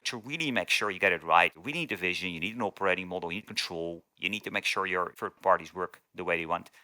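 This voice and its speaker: A man's voice: low voice, fast talker, pushed and bright, no room sound. Man, consulting guest, methodical step-by-step, dry close recording. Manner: structured, lists steps methodically. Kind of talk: business interview.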